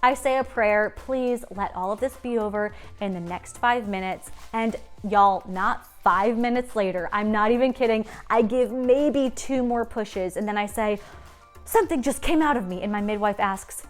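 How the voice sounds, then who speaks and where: A woman's voice: mid-range voice, normal speed, faint music behind. Chatty young woman telling a story. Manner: chatty, animated, acts out quoted lines. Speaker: vlogger telling her birth story. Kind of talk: casual storytelling to camera.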